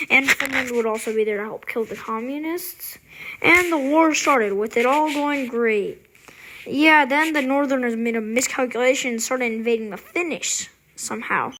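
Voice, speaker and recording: A woman's voice: high-pitched, fairly bright tone, a little hiss or hum, rough recording. A woman casually narrating an alternate-history map video, rambling and unsure, often restarting her phrases. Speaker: video creator.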